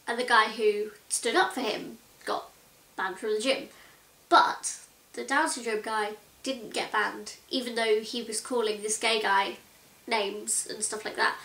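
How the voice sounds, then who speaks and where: A woman's voice: a little high, bright, forceful tone. A woman in her twenties talking to camera in a chatty, earnest and exasperated way, full of "like". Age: 20s. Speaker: vlogger. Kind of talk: casual talk to camera. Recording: echoey room.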